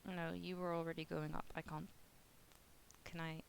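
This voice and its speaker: A woman's voice: deep voice, level tone, moderate pace, gravelly, a little hiss or hum. A young woman with a Dutch accent, chatting casually with her live-stream viewers and laughing often. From Netherlands. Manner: chatty, giggly, reads chat aloud.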